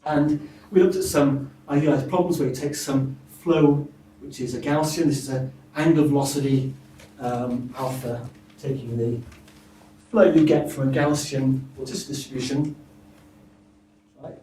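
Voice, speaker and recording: A man's voice: medium pitch, steady tone, mellow. Man lecturing in a roomy seminar room. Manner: halting, many restarts and fillers. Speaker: lecturer at a symposium. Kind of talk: academic seminar talk. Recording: roomy, distant mic, faint hiss.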